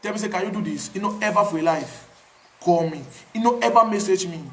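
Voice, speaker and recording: A man with a Cameroonian Pidgin English accent tells his own story in a casual, animated way, repeating words for emphasis. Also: sits high, fairly quick, roomy sound. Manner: animated, repetitive, pidgin phrasing. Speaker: activist.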